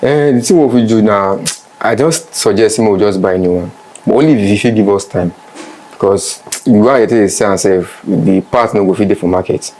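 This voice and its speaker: A man playing a Pidgin-speaking repairman, low voice. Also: moderate pace, dark tone, close to an everyday voice, rough recording. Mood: calm. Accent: Nigerian Pidgin. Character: plain-spoken TV repairman. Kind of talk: film drama acting.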